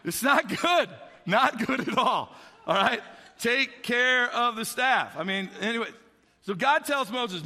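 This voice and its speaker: A bright, high-voiced man preaching in a large church hall, with long reverb trailing his words. He tells a story with humor and slips into voices for the people in it. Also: a little slow. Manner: animated storytelling, acting out voices for comic effect. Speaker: pastor. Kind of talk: sermon.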